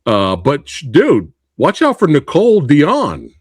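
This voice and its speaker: Young male podcast host, animated delivery, dry close sound, excitable chat. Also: on the high side, unhurried, no echo. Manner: excitable, laughs often, calls guest bro and dude. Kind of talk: casual interview chat.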